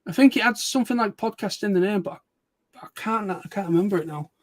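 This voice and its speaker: A man's voice: high-pitched, fast, no room sound, clean studio sound. A man streaming casual chat, telling rambling stories with restarts and laughter.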